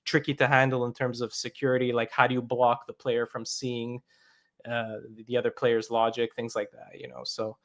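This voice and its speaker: On a relaxed podcast, this man explains his game's mechanics one step at a time, filling the gaps with "um" and "like." He's a game developer with a mid-range, fairly bright voice that barely rises or falls, at a moderate pace.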